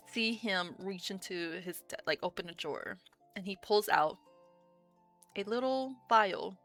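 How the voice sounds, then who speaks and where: A woman's voice: medium pitch, pushed and bright. A woman narrating a tabletop role-playing game as game master in a casual, chatty way.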